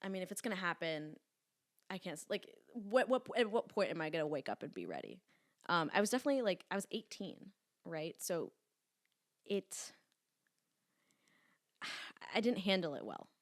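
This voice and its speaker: A woman of about twenty, a podcast guest telling stories in casual chat, animated and full of "like" and the odd swear word. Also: lowish voice, moderate pace, pauses often, no echo, studio quality. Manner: chatty, animated storytelling with frequent "like" and swearing. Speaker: podcast guest, lifting influencer.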